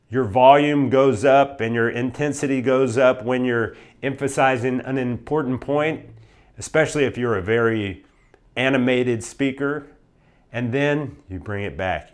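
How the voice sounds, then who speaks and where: An American man teaching blues guitar, talking in an emphatic, animated way and often checking in with "right?" and "okay?". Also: medium pitch. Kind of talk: instructional talk to camera.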